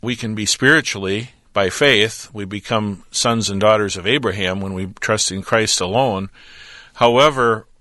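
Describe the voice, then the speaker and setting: A man with a bright, forceful, somewhat low voice talks about his teaching work in an earnest, measured way. He has a preacher's cadence and frequent thinking pauses. The sound is dry and close. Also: dry recording. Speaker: ministry representative, Bible teacher. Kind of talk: radio interview about his ministry.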